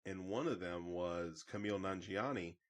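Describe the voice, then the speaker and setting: A man with a lowish voice co-hosting a podcast film review. He keeps it laid-back, mostly nodding along with quick agreements before adding his own points. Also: slight background noise. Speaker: podcast co-host. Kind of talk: casual movie review chat.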